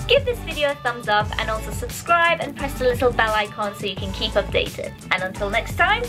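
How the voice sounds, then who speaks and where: A woman vlogging to camera at home, chatty and animated, talking straight to her viewers. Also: a little high, fairly quick, hardly any pauses, music in the background, low-quality recording. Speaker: YouTube vlogger. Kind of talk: casual talk to camera.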